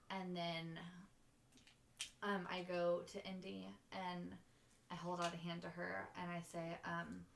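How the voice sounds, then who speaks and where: A woman player in a tabletop game, describing her character's actions with hesitant pauses. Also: fairly low pitch, vocal fry, roomy sound, a little hiss or hum. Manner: hesitant, many ums.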